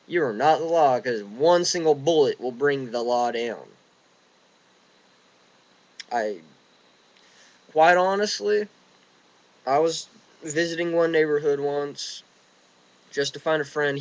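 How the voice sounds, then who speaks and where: A man's voice: medium pitch, lively intonation, normal speed, low-quality recording. Rambling indignant guy. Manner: rambling, indignant, with restarts and quoted voices. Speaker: vlogger. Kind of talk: casual rant. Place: outdoors in wind.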